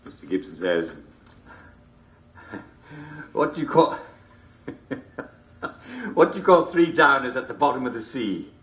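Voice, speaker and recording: A man's voice: medium pitch, very animated, measured pace, long pauses, a bit bright. An actor playing a jolly TV show host, chuckling constantly between lines in chummy showman patter. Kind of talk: video game character performance.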